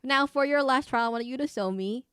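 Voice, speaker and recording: A woman's voice: high-pitched, fairly quick, a bit bright, clean tone, no room sound, clean studio sound, pitched above the performer's own voice. A woman voicing a mischievous rabbit that sets trials in a game, reading its lines in a lofty, formal, nasal way. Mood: solemn.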